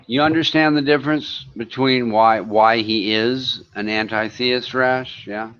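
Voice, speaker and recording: A man's voice: mid-range voice, fairly even intonation, unhurried, smooth, dull audio. A man moderating a casual online voice chat, talking bluntly, with lots of swearing and exasperation.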